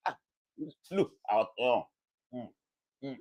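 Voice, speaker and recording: Male reaction commentator, teasing and chatty, bright high voice with a lot of movement. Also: very animated, moderate pace, husky. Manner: mocking, laughs often, talks back to the clips. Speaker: commentator reacting to news clips.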